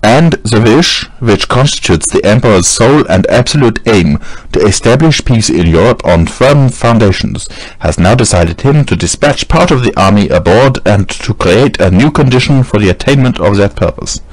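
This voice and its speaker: A stout German officer, stiff and patriotic, as a man reading an audiobook puts him on, leans hard on each word in a German accent. The voice sits low and close, with a dry, roomless sound. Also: animated, moderate pace, hardly any pauses, no room sound, poor audio. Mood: pompous. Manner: emphatic, dwelling on words.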